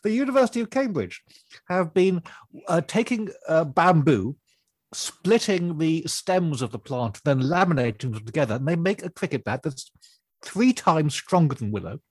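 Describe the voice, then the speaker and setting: Man, radio contributor, wry and quibbling, slightly husky, high-ish voice. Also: expressive, normal speed, darkish tone, no room sound, clean studio sound. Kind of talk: casual radio chat.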